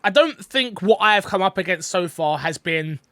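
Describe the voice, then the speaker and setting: Rambling, excitable man on a podcast. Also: high voice, normal speed, dry recording. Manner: rambling, excitable, many fillers. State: eating while talking. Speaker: podcast co-host. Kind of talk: casual podcast chat.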